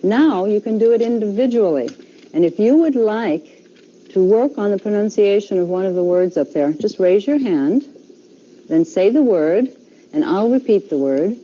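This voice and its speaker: Woman, language teacher, patient and repetitive, dark mellow voice, muffled classroom recording. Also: mid-range voice, animated, normal speed. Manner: patient, repeats instructions, many okays.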